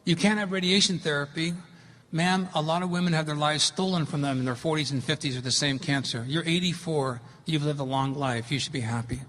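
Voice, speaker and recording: Middle-aged male lecturer, earnest and emphatic, slightly raised pitch, long hall reverb. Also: fairly even intonation, brisk, fairly bright tone, slight background noise. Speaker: speaker giving a talk. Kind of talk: public lecture with slides.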